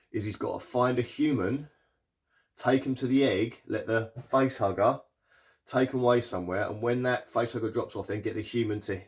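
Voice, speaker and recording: A man recapping and reviewing a TV episode in a casual, rambling way, full of fillers and restarts. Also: on the low side. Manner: rambling, lots of fillers and restarts, paraphrases characters in quick asides. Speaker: TV show reviewer.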